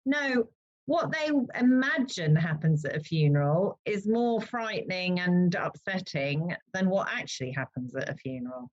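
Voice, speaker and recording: A woman with a fairly low voice, chatting as an interview guest and telling funny stories with lively energy. The sound is muffled and dull, as from a lo-fi video call. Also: normal speed. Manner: lively, animated storyteller who laughs at herself. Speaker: funeral celebrant, interview guest. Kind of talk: conversational interview.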